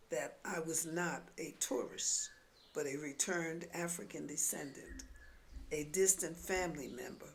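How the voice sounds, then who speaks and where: A woman with a New York twang reads her memoir at an unhurried pace. Her voice carries a gravelly texture, and her delivery is wry, like a storyteller's. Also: low-pitched, slight background noise. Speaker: memoir author. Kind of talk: memoir reading.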